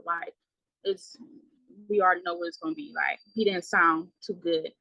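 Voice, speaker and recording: A young woman speaks haltingly, stopping often on fillers as she recounts a painful story. Her voice sits low yet sounds bright and forward. The recording is dry and close. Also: steady tone, no room sound, rough recording. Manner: halting, many fillers, quiet trailing words. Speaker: guest. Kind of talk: emotional personal account.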